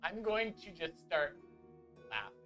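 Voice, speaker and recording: A player at a tabletop game, chatting in an animated, giggly way with frequent restarts. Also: medium pitch, measured pace, faint music behind. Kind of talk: casual tabletop game chat.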